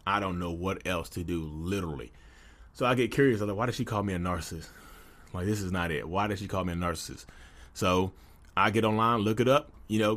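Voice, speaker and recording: A man in his thirties with a fairly low voice tells a personal story. He is candid and casual, and his talk is loose and full of fillers. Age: 30s. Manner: candid, conversational, many fillers like "you know". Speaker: podcast host.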